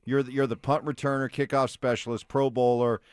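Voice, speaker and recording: A man's voice: medium pitch, level tone, brisk, darkish tone, clear, resonant tone, no echo, studio quality. A man hosting a sports radio show, steering the talk with questions and takes. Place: radio studio.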